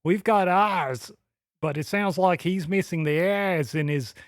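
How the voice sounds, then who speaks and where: A man's voice: high-pitched, a little slow, dry recording, clean studio sound. A man co-hosting a podcast in a casual, joking chat, teasing his partner and trying out accents. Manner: playful, teasing, tries out accents. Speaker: podcast co-host.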